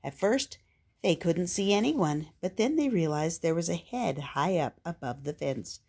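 An older woman reading a children's picture book aloud, gentle and expressive. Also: on the low side, a little slow, creaky, breathy edge. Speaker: storyteller.

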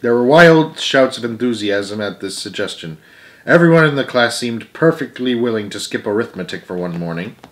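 A man reads a children's book aloud, often stumbling and correcting himself. He drops in chatty asides to the listener in a mid-pitched, ordinary voice. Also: expressive, moderate pace, a bit bright. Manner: frequent slips and restarts, chatty asides. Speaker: storyteller.

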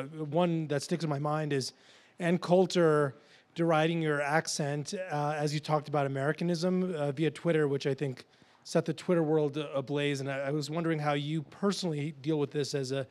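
A man in the audience asks a polite question, halting slightly with fillers. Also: fairly high pitch.

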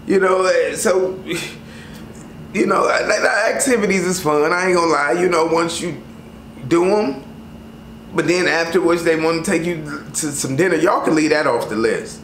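Slangy, animated man vlogging casually. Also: a little high, normal speed. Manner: loose, slangy, animated storytelling with many fillers. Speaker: travel vlogger. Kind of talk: casual chat to camera. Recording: roomy sound with faint ambient noise.

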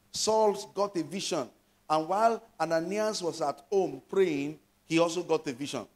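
A man, a pastor preaching a sermon, reading scripture aloud and asking the congregation questions. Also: fairly high pitch. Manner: preaching with call-and-response questions.

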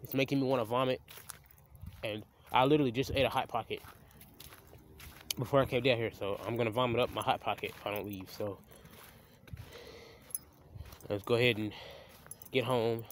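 A man's voice: medium pitch, steady tone, fairly quick, pauses often, slight background noise. A young man, filming a casual outdoor vlog by a creek on a handheld phone, rambling and stammering as he restarts his sentences. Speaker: vlogger. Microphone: handheld phone camera.

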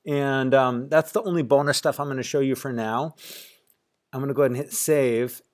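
Man, teacher, warm mellow tone, casual think-aloud tutorial, mid pitch. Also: fairly even intonation, fairly quick. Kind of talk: screen-recorded coding tutorial.

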